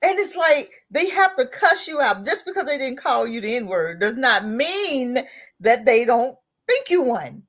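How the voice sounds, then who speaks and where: A woman hosting a casual talk radio show, animated and mocking, laughing often as she talks. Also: sits high, a little slow. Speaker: host.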